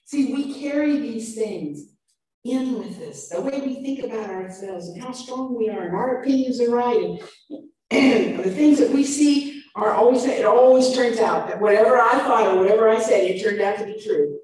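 A woman preaching a sermon, animated, shifting between loud and soft emphasis. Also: on the high side, moderate pace. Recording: echoey room, mic far off.

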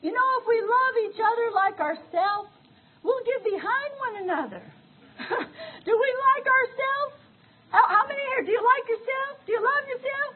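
Older woman, minister, high-pitched voice, tearful fervent preaching, tinny phone-like sound. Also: lively intonation, normal speed. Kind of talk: sermon.

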